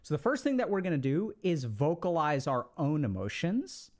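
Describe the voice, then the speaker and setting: Man, slightly high voice, casual advice talk, chatty, lots of fillers. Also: big pitch swings, normal speed, darkish tone. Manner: conversational, filler-heavy, checks in with "right?". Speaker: speaker giving relationship advice.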